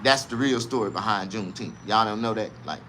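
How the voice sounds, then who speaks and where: A man from the South, telling a comedic story in a casual, profane, animated way. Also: on the low side, brisk, slight background noise. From American South.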